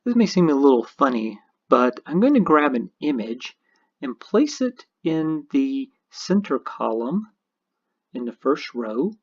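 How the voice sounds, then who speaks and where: A programming teacher narrates a screencast at an unhurried pace, explaining every step in a methodical way. The voice is somewhat husky, and the recording sounds dull and lo-fi. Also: mid-range voice, very animated.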